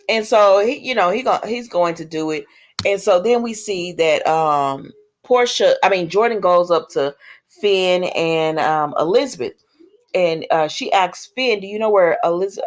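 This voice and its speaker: A woman casually recapping a soap episode, acting out the characters' lines and laughing at the drama. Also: mid-range voice. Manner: animated, laughs often, acts out characters' lines in quoted voices. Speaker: soap opera recap vlogger.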